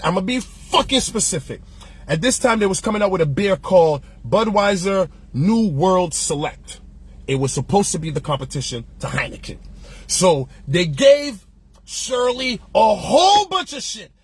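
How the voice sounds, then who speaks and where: A man with a high, husky voice delivers a passionate, profanity-laced rant as the host of his opinion show. He talks loosely and heatedly, with lots of slang, like someone holding court among friends. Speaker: podcast host. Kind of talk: ranting opinion monologue.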